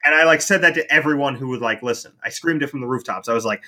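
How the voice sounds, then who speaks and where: A man's voice: medium pitch, fast, hardly any pauses, sharp tone. A man talking casually as a competitive card game player on a podcast, with frequent "like" fillers. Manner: chatty, heavy use of "like".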